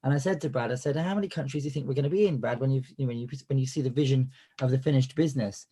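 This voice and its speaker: A man's voice: mid-range voice, racing, mellow, slightly rough. A man with a cold and a cough, hosting a business coaching webinar in a chatty style full of fillers and restarts. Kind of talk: live webinar presentation.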